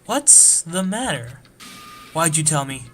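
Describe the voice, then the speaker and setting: A man voicing a tough, hot-tempered young male biker in a game let's play, gruff and swearing. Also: on the high side, big pitch swings, slow pace, fairly bright tone, faint music behind, heavily acted. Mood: angry.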